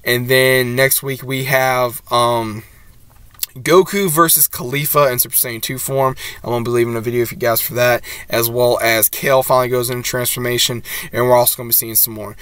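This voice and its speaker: Male reviewer, casual rambling recap, even delivery, dry close sound. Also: medium pitch, a little fast, clear, resonant tone, dry recording. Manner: rambling retelling, many "he says" and filler sounds. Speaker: anime episode reviewer.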